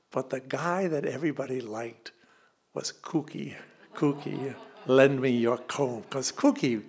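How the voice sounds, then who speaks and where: An older man telling a nostalgic personal story live on stage, relaxed and chatty, asking the audience questions. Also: medium pitch, slightly rough.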